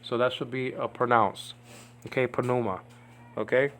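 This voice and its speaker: A man's voice: mid-range voice, flat delivery, moderate pace, noisy background. Home-lesson teacher, male, digressive, keeps asking "okay?". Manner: rambling, digressive, says "okay?" often. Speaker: Greek teacher. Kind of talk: informal home video lesson.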